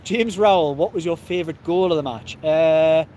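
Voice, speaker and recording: A man's voice: fairly high pitch, moderate pace, warm tone, a little hiss or hum. Chatty Geordie man streaming outside. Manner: chatty, jokey, laughs often, reads out viewer comments. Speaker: football channel host reading live comments. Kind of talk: casual live-stream chat.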